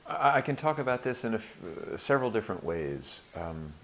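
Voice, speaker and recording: A man in his sixties answering interview questions thoughtfully, pausing and restarting, now and then acting out his own inner voices with playful emphasis. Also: mid-range voice, sing-song, a bit bright, poor audio. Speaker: interview guest, workshop alumnus.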